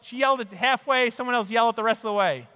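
A man giving a conference keynote talk, animated and acting out bits of quoted dialogue. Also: very high-pitched, fast, clear, resonant tone. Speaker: speaker. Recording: hall reverb.

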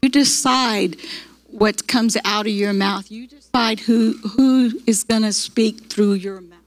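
A woman's voice: on the high side, fairly even intonation, slow pace, no room sound, rough recording. A middle-aged woman, teaching a church prayer class in a folksy storytelling way, full of fillers and restarts.

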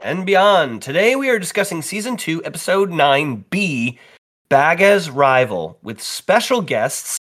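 Upbeat middle-aged male host, animated swoops in his delivery. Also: fairly high pitch, measured pace. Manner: upbeat, playful, lively intonation. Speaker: podcast host. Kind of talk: casual podcast chat.

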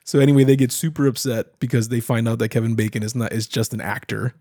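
A man co-hosting a podcast, recapping a show in casual chat, laughing often and acting out lines in animated voices. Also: mid-range voice, quick pace, no room sound, clean studio sound. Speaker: podcast co-host.

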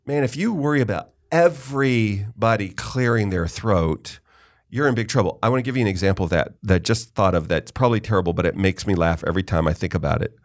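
A man's voice: lowish voice, fairly quick. A middle-aged man hosting a podcast interview, telling a long story in casual chat and often stopping himself mid-sentence to correct or restart. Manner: rambling storyteller, self-interrupting. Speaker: podcast host.

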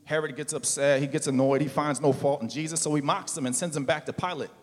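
High-voiced pastor preaching in a hall. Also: male voice, steady tone, fast talker. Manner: casual preaching with slang, rising to loud emphatic calls. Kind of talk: sermon.

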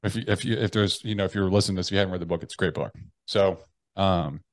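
Brief: American man, podcast guest, lowish voice, candid and profane storyteller, dry close sound. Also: rapid-fire, dry recording. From United States. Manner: frank, profane, restarts sentences often; acts out his own inner voices.

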